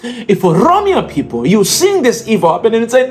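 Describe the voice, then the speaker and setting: A man with an East African accent and a very high voice speaks straight to his audience. He pleads and preaches, hammering phrases again and again. Faint music plays under him. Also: very animated, moderate pace. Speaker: video blogger addressing viewers. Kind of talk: impassioned direct-to-camera appeal.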